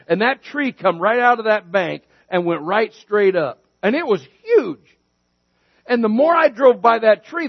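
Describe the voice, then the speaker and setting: A man preaches a sermon, telling homespun stories and building to emphatic points. His voice sits high for a man. The sound is dry and a little dull. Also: no echo. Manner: folksy storytelling preacher, rises in pitch for emphasis. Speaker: pastor.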